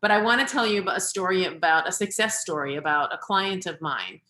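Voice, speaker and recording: Speaking fairly quickly with lively intonation, this middle-aged parenting coach has a voice on the low side that comes across pushed and bright. She offers earnest, direct instructions in a webinar talk over video call, recorded in an echoey room.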